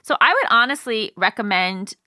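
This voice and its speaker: Bright-voiced woman co-hosting a chatty show. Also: fairly high pitch, sing-song, moderate pace, no echo, clean studio sound. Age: 30s. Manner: chatty, playful, earnest when giving advice. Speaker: co-host. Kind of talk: casual podcast banter.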